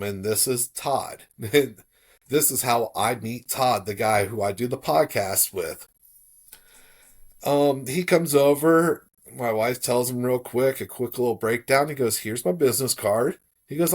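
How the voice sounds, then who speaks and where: A middle-aged man from South Florida, a podcast guest telling a personal story in a relaxed, casual way, livening up when he quotes others. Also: medium pitch, a little slow.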